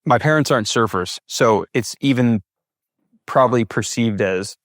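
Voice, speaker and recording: A man's voice: mid-range voice, moderate pace, a bit bright, dry recording, studio quality. A young man from California, a big wave surfer, recounting his experiences as a podcast guest and acting out his own thoughts as he tells them. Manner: vivid retelling with acted-out inner thoughts. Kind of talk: storytelling in a podcast interview.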